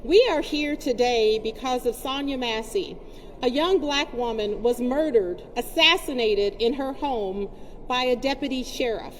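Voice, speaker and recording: Woman rally speaker, high voice, impassioned storytelling address, long reverb and faint ambient hum. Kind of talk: protest speech.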